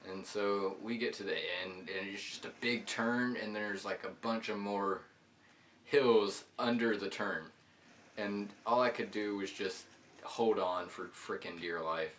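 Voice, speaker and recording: A man's voice: fairly low pitch, fairly even intonation, unhurried, fairly bright tone, slight background noise. A man telling a loose, rambling story while commenting on his gameplay. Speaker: gaming channel host.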